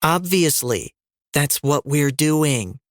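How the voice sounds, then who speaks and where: A man's voice: mid-range voice, moderate pace, no echo, clean studio sound, close to an everyday voice. A man voicing a defiant, fierce woman rebel leader in an audiobook reading, cutting and sarcastic in tone.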